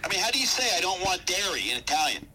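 A man's voice: high-pitched, big pitch swings, quick pace, a loud crowd. A man calling in to a show, talking in a grumpy, miserable way and swearing a lot. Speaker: caller. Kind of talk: phoned-in complaining.

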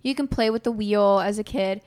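A young adult woman hosting a casual chat, telling stories in an animated way and swearing freely. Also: mid-range voice, fairly quick. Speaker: host.

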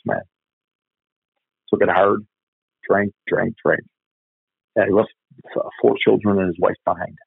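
His voice sits low, gravelly and slightly rough, captured dry with phone-quality sound. As a middle-aged policeman giving a candid interview, he bluntly and profanely retells a family tragedy, repeating himself as memories surface in a conversational way.

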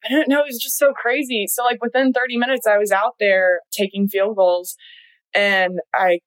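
A woman's voice: medium pitch, fairly even intonation, normal speed, no room sound, low-quality recording. A young woman telling her story as a guest in a casual chat, laughing often and saying "like" a lot. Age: young adult. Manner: chatty, laughs often, many "like"s. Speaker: guest, college athlete.

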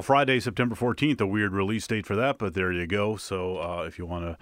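A man's voice: sits low, fairly even intonation, fairly quick, soft background music. A man co-hosting a movie podcast, making wry jokes in casual chat. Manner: wry, joking. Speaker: podcast co-host.

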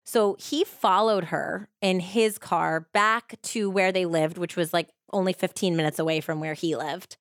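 Woman podcast host, casual storyteller, slightly low pitch, dry close sound. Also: fairly even intonation, a little slow, few pauses, no echo. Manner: chatty, lots of "like" fillers. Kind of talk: casual true-crime storytelling.

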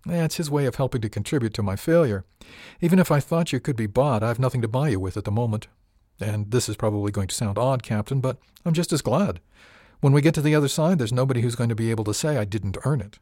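A man voicing a composed, wealthy young woman in an audiobook, calm and matter-of-fact. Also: medium pitch, fast, no room sound, studio quality, natural voice.

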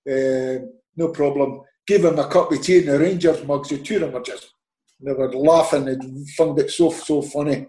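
Scottish ex-footballer guest, animated storyteller, a bit high-pitched, echoey room. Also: male voice, moderate pace. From Scotland. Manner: animated storyteller, acts out quoted dialogue, laughs often. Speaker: podcast guest, former footballer. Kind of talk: casual anecdote telling.

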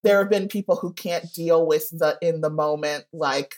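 A woman's voice: sits low, moderate pace, darkish tone. A woman guest speaking frankly in a casual interview, often acting out what people said to her. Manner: frank and candid, acts out quoted voices. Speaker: guest author.

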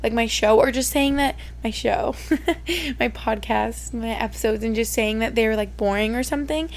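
A woman's voice: fairly high pitch, normal speed. A young woman hosting her podcast in casual solo chat, rambling with lots of "like" and openly emotional. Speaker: podcast host.

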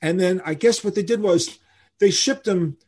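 An older man, telling animated stories as a guest in a podcast interview and acting out the people he quotes. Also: sits high, moderate pace, breathy edge. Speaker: guest musician.

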